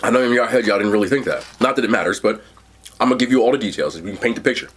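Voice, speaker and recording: A man vlogging a food review, telling a story in a casual, animated way and calling his viewers bro and y'all. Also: on the low side, very fast, husky.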